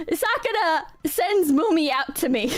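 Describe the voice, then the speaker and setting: A young woman streamer recounts a story to her chat, excitable and dramatic, swearing freely. Her voice sits high and swings all over the place. Faint music plays underneath.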